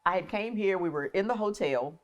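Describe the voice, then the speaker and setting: A middle-aged woman hosting a casual interview, telling a lively story and acting out what people said. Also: medium pitch, a little fast, muffled recording. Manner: animated storyteller, acts out quotes. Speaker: host.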